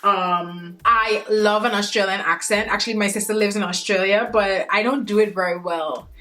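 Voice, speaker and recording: A woman's voice: mid-range voice, steady tone, moderate pace, bright, forceful tone. A young woman talking through a makeup tutorial in a chatty, playful way, speaking directly to her viewers. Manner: chatty, playful, addresses viewers as guys and sis. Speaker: beauty vlogger. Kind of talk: casual makeup tutorial chat.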